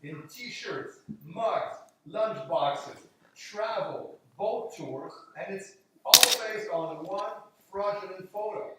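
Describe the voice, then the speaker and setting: Emphatic skeptical guy, fairly high voice, sounds far off the mic. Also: slow, noisy background. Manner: emphatic and skeptical, acts out other people's words. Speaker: conversation partner. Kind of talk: casual conversation. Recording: very echoey room, voice from far off the mic.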